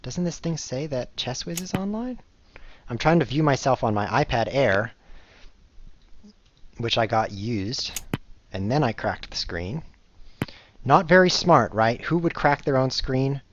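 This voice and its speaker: A man's voice: mid-range voice, animated, a little slow. A man streaming chess live, chatting casually to viewers in a rambling, self-mocking way as he plays. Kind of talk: casual live-stream commentary while playing. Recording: dull lo-fi recording with faint noise.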